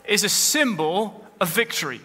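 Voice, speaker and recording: A man's voice: high-pitched, expressive, normal speed, pushed and bright. A man preaching a sermon as pastor, with rising emphasis as he quotes scripture. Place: church. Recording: long hall reverb.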